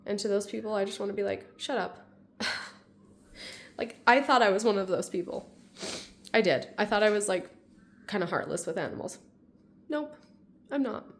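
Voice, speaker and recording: A woman's voice: mid-range voice, moderate pace, long pauses, a little hiss or hum. A woman in her thirties sharing a casual personal vlog, rambling with lots of "like", sounding emotional and close to tears. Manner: rambling, heavy use of "like", tearful. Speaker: vlogger.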